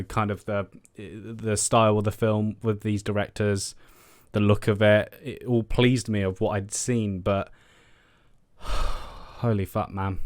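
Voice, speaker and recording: A man vents in a casual rant, exasperated, swearing freely and circling back over his own words. His voice sits a little low. The sound is close and dry, with no room around it. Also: no room sound. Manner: exasperated, swears often, repeats himself. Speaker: film news vlogger. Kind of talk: casual ranting commentary.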